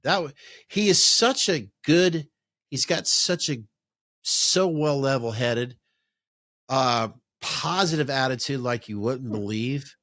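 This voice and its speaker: Man, podcast host, casual, profane, rambling, animated pitch, dry room. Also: slow pace, no echo. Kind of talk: casual chat.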